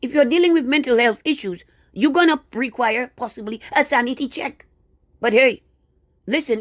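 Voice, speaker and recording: A woman's voice: fairly high pitch, no room sound. A woman delivering a casual, indignant monologue straight to her viewers, full of sarcastic asides. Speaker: video blogger.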